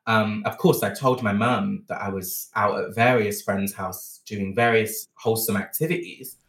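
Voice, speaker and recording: A man's voice: on the low side, fairly even intonation, moderate pace, a bit bright, reverberant, far from the mic. A man, from Bristol, telling frank, self-mocking stories as a podcast guest. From Bristol, England. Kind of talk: candid storytelling chat.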